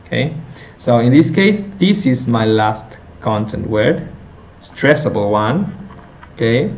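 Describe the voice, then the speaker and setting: A male teacher slowly explaining a lesson step by step, with many fillers and self-corrections. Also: medium pitch, lively intonation, darkish tone, a little hiss or hum. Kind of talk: recorded lecture on intonation.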